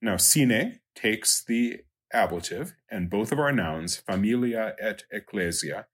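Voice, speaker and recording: A man teaching a Latin lesson, working through numbered exercises in a halting way with many ums and uhs. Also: fairly low pitch, expressive, fairly bright tone, husky. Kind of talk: recorded lecture walking through exercises.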